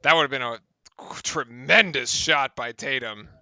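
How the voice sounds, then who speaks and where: A man calling a basketball game play-by-play, with brisk, excited calls of the action. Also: medium pitch, dry recording. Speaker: play-by-play commentator.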